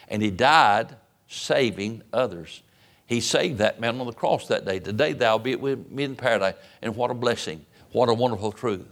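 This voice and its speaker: A man preaching a sermon in church, moving from low, measured Scripture reading to high, impassioned cries. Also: fairly bright tone. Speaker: pastor. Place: church, broadcast on radio and internet.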